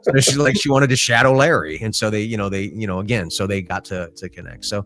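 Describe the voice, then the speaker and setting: A man's voice: on the low side, fast talker, a bit bright. A middle-aged man co-hosting a podcast, telling stories in a casual, rambling way with lots of fillers. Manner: rambling storyteller with many fillers. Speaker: podcast co-host.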